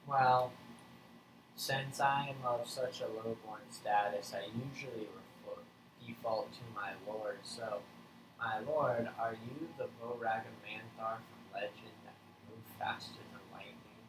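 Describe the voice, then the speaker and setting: A man's voice: lowish voice, steady tone, a little slow. A man playing a tabletop game, muttering and whispering in character, working up to grumbling. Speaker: player. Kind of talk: casual tabletop play. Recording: roomy, distant mic with background noise.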